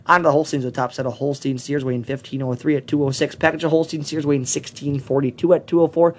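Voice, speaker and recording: Fast-talking man reading cattle prices. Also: a little high. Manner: rapid, steady listing of prices. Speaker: livestock market reporter. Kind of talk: market report readout.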